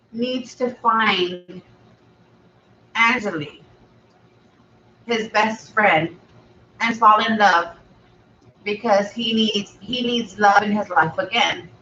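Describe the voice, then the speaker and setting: A woman's voice: mid-range voice, steady tone, extremely slow, long pauses, sharp tone, slight background noise. A woman hosting a food video, casually retelling a film story in a chatty, rambling way. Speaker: mukbang channel host. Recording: echoey room, slightly dull, from a distance.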